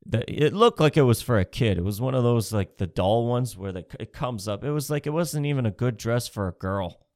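Male comic from Canada, mid-pitched voice, sarcastic and crude, dry close recording. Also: animated, brisk, no echo. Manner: profane, sarcastic, mocking. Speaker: comedian. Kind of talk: comedic rant.

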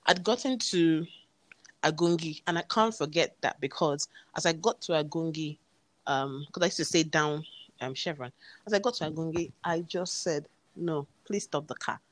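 Earnest low-voiced woman. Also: normal speed, no echo. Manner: earnest, animated retelling with quoted dialogue. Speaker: guest telling her story. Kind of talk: personal storytelling.

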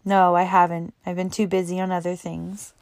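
A woman's voice: fairly low pitch, flat delivery, normal speed, darkish tone, dry recording, natural voice. A woman voicing a grumpy young woman student who answers curtly and sulkily. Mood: sulky. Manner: sulky, curt.

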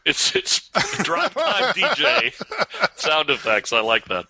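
A man co-hosting a podcast over an online voice call, playful and teasing, throwing in quick bits. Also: fairly high pitch, huge pitch swings, sharp tone. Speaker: podcast co-host. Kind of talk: casual comedic chat.

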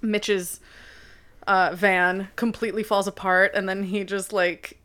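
A woman's voice: mid-range voice, little pitch movement, unhurried, fairly bright tone, clear, resonant tone. A woman in her twenties, chatty and laughing easily as she shares her take in a casual podcast chat. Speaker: podcast co-host.

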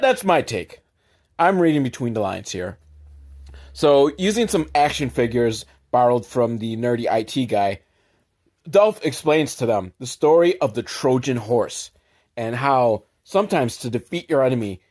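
Comedic podcast host, male, sarcastic and crude, lively intonation, pops into silly character voices. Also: medium pitch, measured pace. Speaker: podcast host recapping a film. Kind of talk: comedic movie recap.

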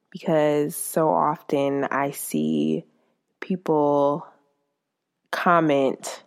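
A woman's voice: low voice, slow pace, vocal fry, a little mellow. A woman hosting her own podcast, speaking in an earnest, heartfelt monologue. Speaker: podcast host.

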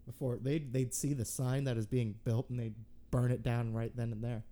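A man's voice: medium pitch, flat delivery, moderate pace, dark tone. A man hosting a podcast, bantering casually with crude, rambling jokes. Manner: joking, profane, rambling with fillers. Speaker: podcast host.

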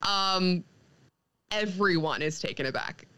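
A young woman chats casually on a podcast, retelling a comic's plot with animated energy. Her voice is bright and smooth, and she slips into quick character lines and laughs along the way. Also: lowish voice, poor audio. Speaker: podcast co-host recapping a comic. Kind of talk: casual chat.

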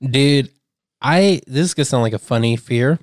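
A man's voice: medium pitch, moderate pace, no echo, clean studio sound. Rambling, swearing man in casual chat.

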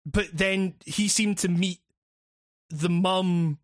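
A man talks through a game's story in loose, rambling chat, peppered with swearing and restarts. His voice sits high for a man. The recording is close and dry, with no room sound. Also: fairly even intonation, slow pace, dry recording. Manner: rambling, profane, with many fillers and restarts. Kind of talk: casual chat recapping a video game.

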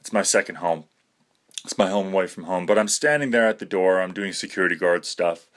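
A man's voice: sits low, brisk, fairly bright tone. A young man rambling to camera in a self-mocking way, swearing casually and breaking into nervous laughter. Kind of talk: rambling monologue.

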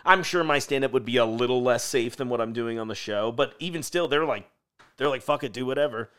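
A man's voice: mid-range voice, brisk, fairly bright tone, clear, resonant tone. A man who performs live, chatting as a podcast guest in a rambling way full of fillers. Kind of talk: casual podcast chat.

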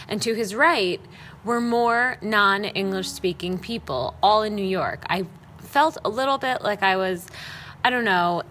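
A woman's voice: mid-range voice, a little hiss or hum. A woman hosting a podcast, talking frankly about her own life with self-deprecating humor and casual swearing. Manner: expressive storytelling with acted-out quotes. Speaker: podcast host. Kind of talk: candid personal monologue.

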